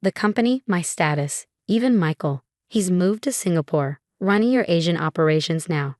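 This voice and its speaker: A woman voicing a humbled older former executive who speaks quietly and earnestly in a narrated story. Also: lowish voice, expressive, moderate pace, no room sound, clean studio sound, close to an everyday voice. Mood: contrite.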